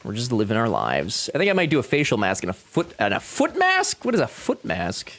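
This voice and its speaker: A man with a lowish voice and huge pitch swings talks a little fast during a home game stream. He banters with his viewers, swears heavily, and replies to chat in a casual, joking way.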